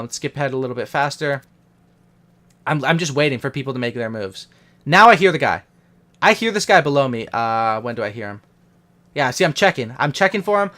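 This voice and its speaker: A man's voice: mid-range voice, lively intonation, brisk, a bit bright. A young man hosting a gaming channel, talking casually and with hype through post-game commentary on his own match. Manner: hyped, casual gamer talk.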